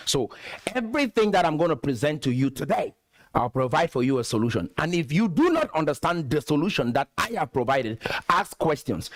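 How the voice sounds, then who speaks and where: A man's voice: a little high, dry recording. A man from Cameroon hosting a commentary video, lecturing emphatically and repeating his points. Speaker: host.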